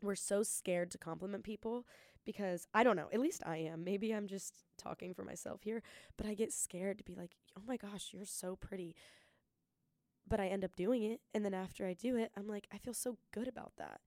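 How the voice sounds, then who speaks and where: Fast-talking, earnest young woman host. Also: medium pitch, dry recording, clean studio sound. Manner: fast, excited, earnest pep talk. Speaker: podcast host. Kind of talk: casual solo podcast talk.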